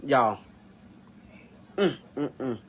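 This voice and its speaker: Emotional guy holding back tears, slow and breathy, voice goes up and down a lot. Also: medium pitch, lively intonation, fairly bright tone, a little hiss or hum. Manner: slow, halting, with sighs and long pauses. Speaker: vlogger reacting to news. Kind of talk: emotional reaction monologue.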